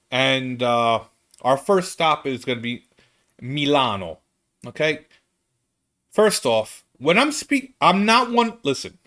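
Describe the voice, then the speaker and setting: An American comedian chatting casually about a trip, rambling and interrupting himself, often checking in with "okay?". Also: male voice, mid-range voice, a bit bright. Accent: American English. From United States. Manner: rambling, self-interrupting, keeps asking "okay?". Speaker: comedian telling a travel story. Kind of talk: casual chat.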